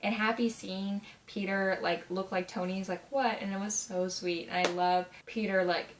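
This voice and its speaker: A nineteen-year-old woman chats through a movie review like she's talking to a friend. Her voice sits at a middling pitch, peppered with filler words and quick asides. She gushes, and every so often she bursts into a loud, high exclamation. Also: fairly even intonation, background noise. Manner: chatty, gushing, full of "like" and "you know what I mean". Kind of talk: casual vlog review.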